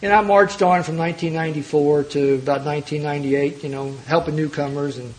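A man's voice: a little high, fairly even intonation, brisk. A man speaking to a recovery meeting, telling his own story with humor and acting out the lines of the people in it. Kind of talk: personal recovery story told to a group.

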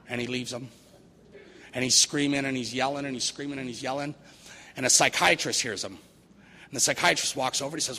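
A man's voice: mid-range voice, a little fast, long pauses, pushed and bright, slightly rough. A man giving a recovery meeting talk, earnest and repeating phrases for emphasis. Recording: long hall reverb, faint noise.

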